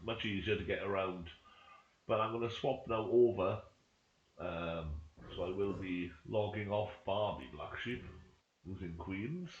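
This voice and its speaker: A man's voice: low voice, measured pace. A man chatting casually to friends while playing a roleplay game, rambling and mumbling to himself as things load. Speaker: gaming streamer. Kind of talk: casual chat while gaming. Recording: echoey room, dull lo-fi sound.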